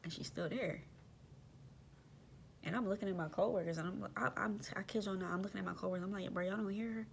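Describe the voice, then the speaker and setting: A woman's voice: mid-range voice, fast talker, vocal fry, long pauses, slight background noise. A young woman, animatedly telling a personal story in slangy casual speech and addressing her listeners directly.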